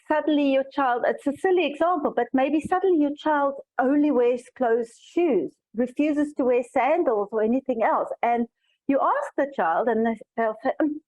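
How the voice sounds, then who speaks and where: A woman's voice: high-pitched, darkish tone, poor audio. A woman coach answering a panel question in a thoughtful, earnest way, often restarting her sentences. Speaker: coach and summit speaker.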